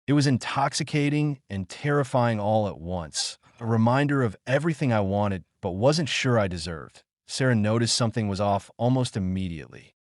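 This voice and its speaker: A man reading a first-person story in a smooth, even, unhurried way. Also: lowish voice, dry recording, studio quality.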